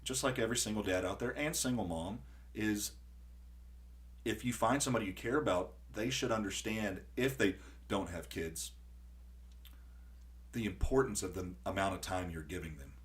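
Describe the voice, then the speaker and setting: A man hosting a podcast in casual conversation, who tells stories with lively acted-out quotes and frequent restarts. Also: lowish voice, normal speed. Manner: animated storyteller acting out quotes. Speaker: podcast host.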